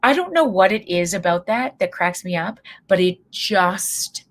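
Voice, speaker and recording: A middle-aged woman giving an energetic motivational talk, telling stories and acting out quotes loudly. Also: lowish voice, a little slow, low-quality recording. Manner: animated storyteller, acts out quotes loudly. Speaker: speaker leading a workshop.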